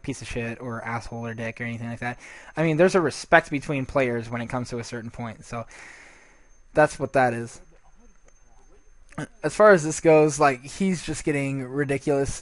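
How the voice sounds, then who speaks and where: A man's voice: a little high, dry recording. A man giving casual, rambling gameplay commentary, swearing freely and restarting his sentences often.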